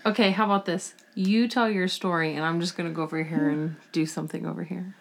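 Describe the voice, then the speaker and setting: A woman's voice: fairly low pitch, steady tone, quick pace, creaky. A woman joking around in a casual group chat, playfully distracted.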